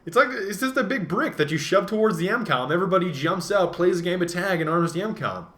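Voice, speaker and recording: A man's voice: high-pitched, lively intonation, fast, fairly bright tone. A man giving casual gameplay commentary, rambling along with jokes and self-mocking asides. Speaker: gaming commentator.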